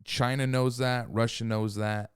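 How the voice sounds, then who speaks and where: A man's voice: mid-range voice, flat delivery, unhurried, clear, resonant tone, no room sound, studio quality. A man hosting a podcast in a casual, profane, rambling rant who sometimes loses his thread. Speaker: podcast host.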